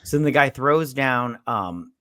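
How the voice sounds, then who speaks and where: A man's voice: mid-range voice, expressive, unhurried, fairly bright tone, no room sound, studio quality. A man co-hosting a casual podcast, retelling a movie in a blunt, crude, joking way with put-on quotes. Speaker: podcast co-host. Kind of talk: casual drunk movie recap.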